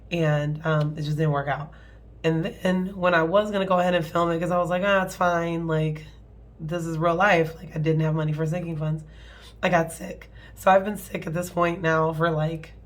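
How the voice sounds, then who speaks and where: A young woman's voice, low and worn down by a cold, hoarse and slightly nasal. She chats her way through a household budget in a loose, rambling way. She apologizes often and trails off into fillers. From American Midwest. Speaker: budgeting channel host. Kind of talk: casual budgeting walkthrough.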